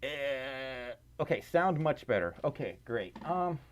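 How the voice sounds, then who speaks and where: A man's voice: mid-range voice, big pitch swings, takes it slowly. A man chatting casually on a livestream, rambling and self-deprecating with lots of fillers and laughs, tired and a little scratchy. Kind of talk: casual live stream chat.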